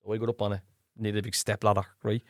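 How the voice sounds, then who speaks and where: A man's voice: on the low side, fast, dry recording, studio quality. Dublin man telling stories casually. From Ireland. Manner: lively anecdotal, colloquial, plays voices in quotes. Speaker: guest actor. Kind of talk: casual storytelling.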